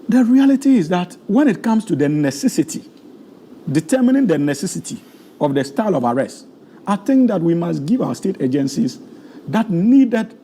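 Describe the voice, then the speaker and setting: A man, hoarse and losing his voice, arguing a legal point formally as a guest in a TV studio discussion. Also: high voice, warm tone, a little hiss or hum.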